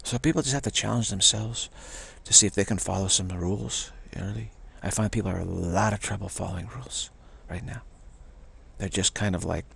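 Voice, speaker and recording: A man's voice: fairly low pitch, a little fast, gravelly, fairly bright tone, husky. A man giving a rambling, reflective spiritual talk, repeating himself and acting out the voices of people he quotes. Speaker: spiritual speaker.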